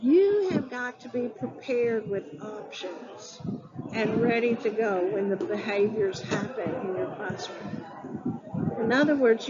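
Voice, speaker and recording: A woman educator giving an instructional talk to teachers, deliberate and spelling words out letter by letter. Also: a little high, very noisy. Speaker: early childhood educator. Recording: dull lo-fi sound with clear background ambience.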